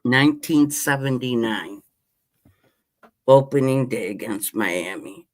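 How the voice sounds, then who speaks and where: A man's voice: mid-range voice, expressive, slow. Impassioned man in his fifties. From Western New York. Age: 50s. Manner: impassioned, rambling sports-fan rant. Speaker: podcast host. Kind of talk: casual chat.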